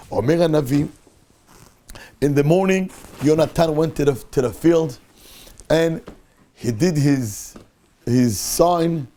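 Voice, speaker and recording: A man's voice: medium pitch, slight background noise. A male rabbi teaching a Torah class, telling a story with animation and acting out the people in it. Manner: animated storyteller who acts out the people in his tale.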